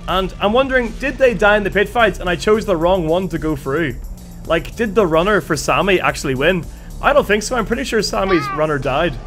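Excitable man streaming a game. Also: sits high, fairly quick, soft background music. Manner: excitable, thanks viewers for gifts. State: slightly strained voice. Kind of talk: live-stream commentary.

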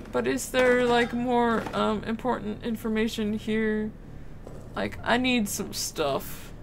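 A woman streams a horror game, talking in a playful, chatty way and addressing things on screen. Her voice sits fairly high. She speaks slowly, with faint noise in the background. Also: creaky. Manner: playful, chats to game objects and creatures. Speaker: gaming streamer. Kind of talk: horror gameplay commentary.

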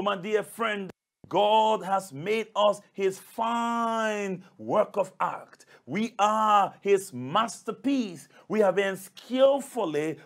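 With a high-pitched, gravelly voice, a pastor delivers a sermon to his brothers and sisters. He is emphatic and repetitive, returning again and again to key phrases.

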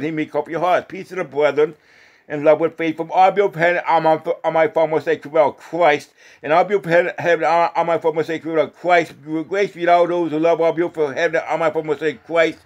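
A man reading scripture aloud as a lay preacher, halting and restarting often, then drifting into rambling, informal testimony. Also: fairly high pitch, darkish tone, muffled recording. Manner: casual and rambling when talking off the text, often asks "you know?".

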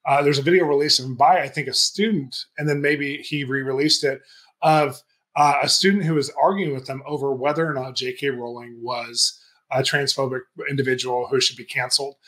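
Fast-talking, chatty male show host. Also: mid-range voice, fairly even intonation, a bit bright. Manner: chatty and enthusiastic. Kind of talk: casual commentary on clips.

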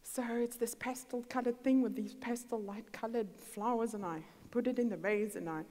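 A woman's voice: fairly high pitch, moderate pace, mellow. A woman preaching a storytelling sermon in a church hall, acting out the dialogue in her stories. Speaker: guest preacher. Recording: long church-hall reverb.

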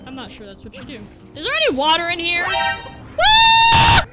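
Young woman doing let's play commentary, frustrated yelling and laughing, game music under her. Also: high voice, huge pitch swings, fast. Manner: exasperated, shouty outbursts, frequent laughter. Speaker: gaming channel host.

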